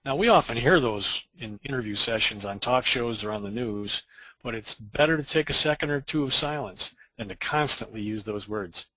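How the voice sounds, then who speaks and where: A man co-presenting a training webinar, reading a scripted dialogue in a measured, explanatory way. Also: mid-range voice, sharp tone, no room sound, low-quality recording.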